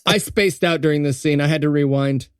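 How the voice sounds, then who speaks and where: A man's voice: a little high, steady tone, a little fast, clear, resonant tone, dry recording, studio quality. A man co-hosting a comedic movie review podcast, riffing sarcastically. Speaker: podcast co-host.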